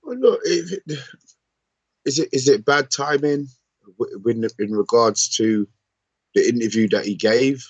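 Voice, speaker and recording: A man's voice: medium pitch, lively intonation, measured pace, pauses often, breathy edge, dry recording, lo-fi sound. A man co-hosting a live football stream, bantering and teasing his co-host. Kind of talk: casual live stream chat.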